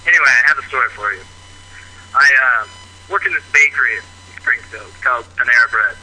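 A man's voice: mid-range voice, expressive, fast, pushed and bright, breathy edge. A man from Missouri leaving a rambling voicemail story on a phone line, full of fillers. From Missouri, USA. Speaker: caller.

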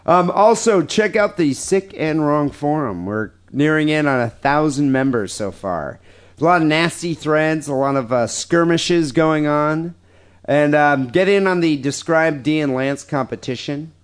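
A man's voice: fairly high pitch, animated, measured pace, clean tone. A man hosting a podcast, reading listener emails aloud with crude, profane, joking banter. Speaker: podcast host.

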